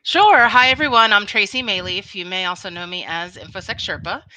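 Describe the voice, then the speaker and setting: Interview guest: chatty woman, Philadelphia accent, bright crisp tone, dry close sound. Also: mid-range voice, brisk, no echo, poor audio. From Philadelphia, United States. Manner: chatty and upbeat, laughs often. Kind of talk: casual interview chat.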